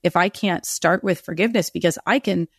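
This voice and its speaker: Earnest low-voiced woman, dry sound. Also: brisk, husky, no room sound. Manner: earnest, rambling, self-correcting. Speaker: guest author. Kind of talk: candid podcast interview.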